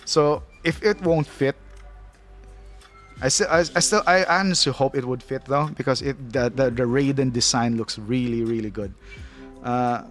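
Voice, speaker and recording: Man, casual stream host, mid pitch, chatty and giggly, soft music behind. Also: normal speed. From Philippines. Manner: chatty, laughs often, reads chat aloud. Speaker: livestream host. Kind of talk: casual live chat.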